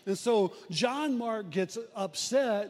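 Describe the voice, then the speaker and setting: A man's voice: high-pitched, animated, slow, a little mellow. A man preaching a folksy, storytelling sermon as a pastor, with frequent restarts. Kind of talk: conversational sermon. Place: church sanctuary. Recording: long hall reverb in a church.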